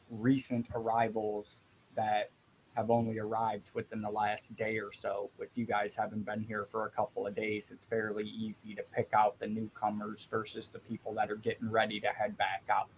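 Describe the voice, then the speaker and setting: A man narrating as dungeon master of a tabletop game, in a slow, even way. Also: fairly low pitch, a little hiss or hum, low-quality recording.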